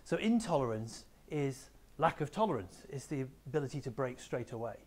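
A man's voice: medium pitch, lively intonation, normal speed, darkish tone. A man, a teacher giving a school assembly talk, explaining ideas plainly and speaking directly to pupils. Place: school room with a small live audience.

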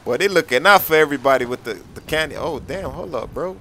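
A young man giving casual, excitable game commentary, full of slang and repeated reactions. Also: fairly high pitch, fast, slight background noise. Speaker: gameplay commentator.

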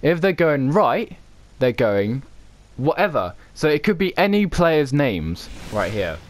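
A man chatting casually while playing an online game with friends, excitable and swearing often as he explains the rules. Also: on the high side, slow pace, dry recording. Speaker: gaming channel host. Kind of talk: casual gaming chat with friends.

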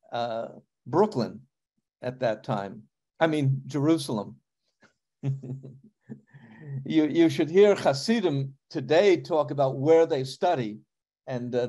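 A middle-aged pastor with a New York accent teaches a sermon in a loose, chatty manner. His voice sits a bit high for a man but sounds mellow and warm. He stops on fillers and asks the congregation questions as he goes.

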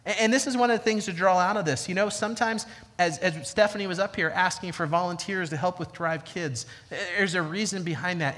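A man preaching a sermon as pastor, emphatic and repeating key lines slowly for weight. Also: sits high, sharp tone. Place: church sanctuary. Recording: church hall with long reverb.

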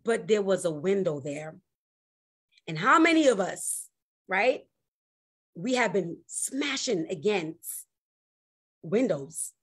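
A woman pastor delivers a sermon with a husky, slightly breathy voice at a middle pitch. She preaches with energy, rising to loud exclamations and dropping to hushed, drawn-out emphasis. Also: big pitch swings.

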